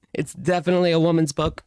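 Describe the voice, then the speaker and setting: A woman's voice: sits low, darkish tone, clear, resonant tone, dry recording. Chatty woman streamer, dry close sound. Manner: rambling, chatty, greets viewers by name. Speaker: live stream host. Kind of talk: casual live stream chat.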